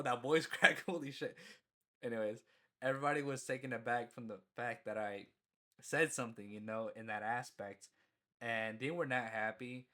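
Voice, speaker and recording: A young man spins a rambling story from his school days in a casual, loose way. He leans on "you know" constantly and swears freely, and his pitch sits in an ordinary middle range. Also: bright, forceful tone. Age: young adult. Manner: laughs at himself mid-story. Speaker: storyteller vlogger.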